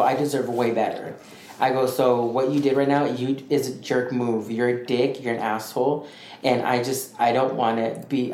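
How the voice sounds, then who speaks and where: A man co-hosting a podcast, telling a story in a rambling, animated way and acting out what others said. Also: medium pitch. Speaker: podcast co-host. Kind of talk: casual storytelling chat. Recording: echoey room with faint noise.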